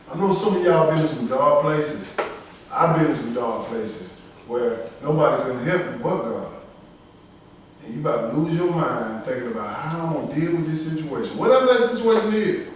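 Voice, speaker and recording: Preaching man in a booming echoey room. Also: expressive, moderate pace, distant mic, slight background noise. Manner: emphatic, preaching in dialect with call-and-response to a reader. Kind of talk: sermon.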